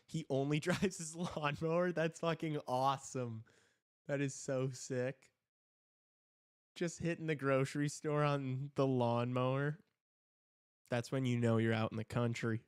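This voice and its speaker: A man's voice: medium pitch, steady tone, measured pace, clean tone, no echo, studio quality. A man hosting a live hockey stream, chatting in a laid-back, rambling way and swearing casually. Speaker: podcast host.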